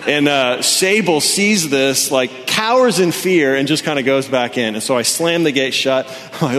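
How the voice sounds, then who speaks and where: A man in his thirties gives a sermon in a church, telling stories in a loose, animated way full of casual fillers. His voice sits at an ordinary middle pitch. The sound rings with the long reverb of a large hall. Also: moderate pace, hardly any pauses. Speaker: pastor. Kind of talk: sermon with personal story.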